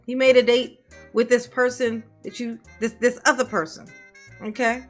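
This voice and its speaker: A woman hosting a reaction commentary show, sassy and quick with jokes, laughing often. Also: a little high, level tone, faint music behind. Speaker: commentary channel host.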